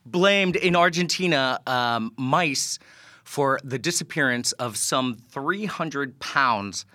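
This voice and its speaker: A podcast co-host chatting casually, with sarcastic deadpan jokes and frequent laughter. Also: medium pitch, slow pace, no room sound, clean studio sound. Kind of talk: casual chat.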